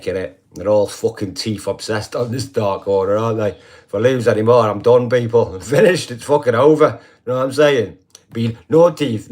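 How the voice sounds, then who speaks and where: Sweary older man rambling on a stream. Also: lowish voice. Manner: rambling, heavy swearing, constant "do you know what I mean". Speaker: live streamer. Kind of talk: casual live-stream chat.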